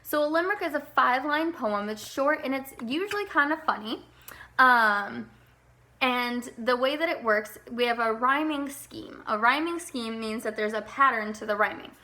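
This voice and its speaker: A woman's voice: fairly high pitch, moderate pace, pushed and bright. A young woman teacher giving a recorded lesson to children, explaining step by step and checking in often.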